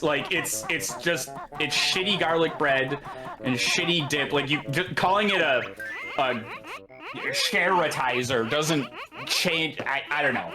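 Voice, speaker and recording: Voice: mid-range voice, a little slow. A co-host chatting casually during a game playthrough, laid-back and jokey, often trailing off mid-thought. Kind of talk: casual chat over gameplay. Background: game music.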